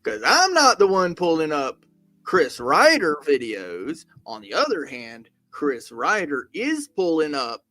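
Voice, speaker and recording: A man's voice: a little high, wildly swooping pitch, measured pace, bright, forceful tone. A man guest on a livestream, talking casually with an easy, laughing manner. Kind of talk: casual chat.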